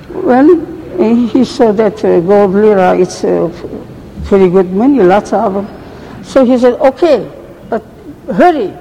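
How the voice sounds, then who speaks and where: An older woman recounting her past slowly in a gravelly, mellow voice. Her English is halting and broken, full of false starts. The recording has a long reverb and a faint background hiss. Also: mid-range voice, animated. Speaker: survivor giving testimony. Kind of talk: oral history recollection.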